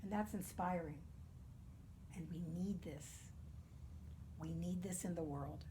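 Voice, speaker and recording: A woman minister giving a gentle, earnest spiritual talk, sometimes dropping to a soft near-whisper. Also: on the low side, unhurried, background noise.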